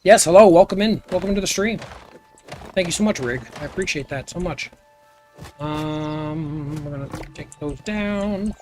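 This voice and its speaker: A man's voice: a little high, moderate pace, darkish tone, faint music behind. Rambling, goofy male game streamer. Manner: rambling, goofy, chats with viewers while playing. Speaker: live streamer. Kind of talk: casual gameplay stream chat.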